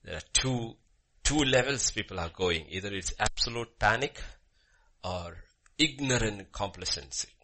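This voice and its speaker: A man, a pastor leading a prayer and preaching a sermon with fervent, emphatic, repetitive phrasing that swings between loud and hushed. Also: lowish voice, expressive, unhurried.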